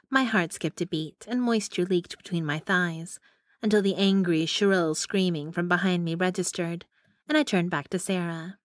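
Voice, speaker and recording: A woman's voice: on the low side, normal speed, dry recording. A young adult woman narrating a first-person romance audiobook in an intimate, wry manner on a close mic.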